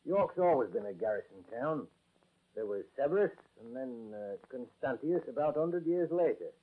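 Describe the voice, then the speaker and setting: An actor doing a Yorkshire accent as a gruff, friendly army corporal in a 1940s radio drama, folksy and ominous. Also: male voice, medium pitch, expressive, moderate pace. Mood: reminiscing. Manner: folksy, ominous storytelling with "aye" and "lad". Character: gruff, friendly Yorkshire lance corporal, older drill master. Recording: tinny old radio broadcast recording.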